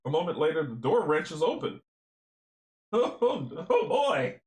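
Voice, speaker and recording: A man's voice: fairly high pitch, sing-song, moderate pace. Chatty man reading a board game aloud. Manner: chatty, chuckling, talks to himself. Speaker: solo board game player. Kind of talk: playthrough narration, reading game text aloud. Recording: roomy echo.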